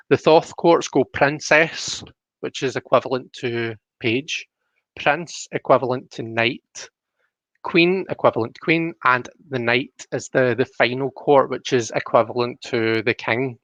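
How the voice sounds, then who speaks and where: A Scottish man of middle pitch talks through tarot cards on a live stream, friendly and explanatory, often stopping to restart a sentence. The audio is dull and lo-fi, and the dry sound has no room echo. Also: a bit bright. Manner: chatty, explanatory, full of "you know" fillers and restarts. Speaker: tarot reader on a livestream.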